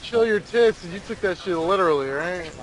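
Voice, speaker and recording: A man's voice: high-pitched, expressive, normal speed, poor audio. A young man giving live co-op gameplay commentary, bossy and profane in his banter with friends. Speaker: gamer.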